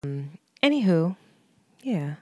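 A woman co-hosting a podcast, chatting casually, frank and giggly and quick to swear. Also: lowish voice, very animated, no echo, studio quality. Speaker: podcast co-host. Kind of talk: casual chat.

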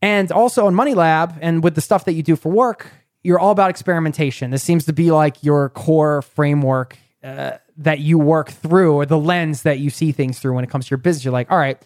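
A man hosts a casual podcast interview, quick and playful as he probes his guest. His voice sits a little high and he talks very fast. The sound is close and dry. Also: a little mellow, dry recording. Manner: rapid, probing, playful. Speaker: podcast host.

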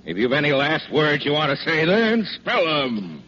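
A swaggering gunman fresh from hell, who spouts grandiose rhyming boasts with wild swoops of pitch. Dull, faintly hissy old radio play recording with plenty of theatrical flair. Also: wildly swooping pitch, measured pace, sharp tone, exaggerated voice. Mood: boastful. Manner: theatrical, pompous rhyming verse. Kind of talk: 1940s radio acting.

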